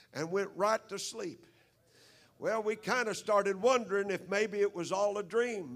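A middle-aged man preaching a sermon, fervent and peppering his lines with amens. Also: high voice. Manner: fervent, punctuated with frequent amens. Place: church service.

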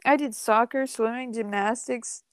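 A woman's voice: on the high side, steady tone, normal speed, no echo. A young woman co-hosting a podcast, bantering and teasing with frequent swearing. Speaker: podcast co-host. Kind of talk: casual chat.

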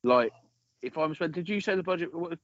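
A man chatting about a film on a podcast, incredulous and animated, swearing casually. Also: a little high, brisk, dry recording, highs cut off.

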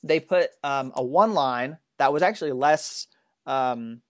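A man's voice: medium pitch, dry recording. Chatty male political show co-host. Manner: reads out quotes, laughs often, halting with fillers. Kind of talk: casual political commentary.

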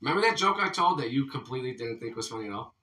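A man hosting a casual podcast, loud and joking, laughing often as he tells crude jokes. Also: mid-range voice, lively intonation, racing, recorded from a distance. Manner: loud, joke-telling, laughs a lot. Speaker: podcast host.

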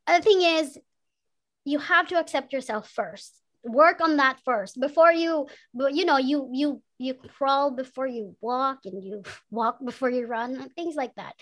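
A woman with a high voice talks candidly as a podcast guest. She swears freely and laughs often as she speaks. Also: a bit bright. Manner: frank and profane, laughs often, switches between English and Tagalog. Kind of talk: candid conversational interview.

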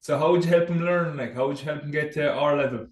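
A man's voice: fairly high pitch, fast. A man, hosting a podcast in a laid-back, matter-of-fact way. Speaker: podcast host. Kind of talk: casual chat. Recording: echoey room.

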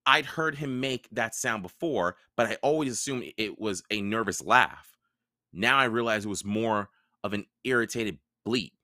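A man reading a novel aloud as host of his own podcast, with expressive storytelling. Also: on the low side, unhurried, no echo, clean studio sound. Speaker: podcast host and audiobook reader.

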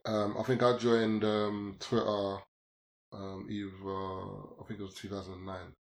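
A man in his thirties with a London accent speaks as a podcast guest, trading casual, slang-heavy banter in a fairly low, creaky, unhurried voice. When he launches into stories, he gets loud and animated.

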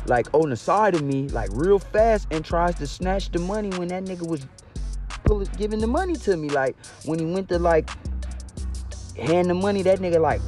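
A man's voice: a little high, darkish tone. A young man telling a personal story to the camera, casual, slangy and full of profanity. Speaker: storyteller vlogger.

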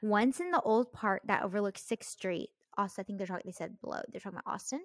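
A young woman co-hosting a casual podcast, reading ghost stories in an animated way, full of fillers and swearing. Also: mid-range voice, quick pace, dry recording. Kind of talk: casual chat.

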